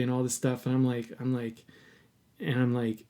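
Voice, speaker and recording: A man's voice: mid-range voice, level tone, a little slow, pauses often, darkish tone. A man hosting a podcast, telling a personal story in an earnest, candid way and swearing casually. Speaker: podcast host.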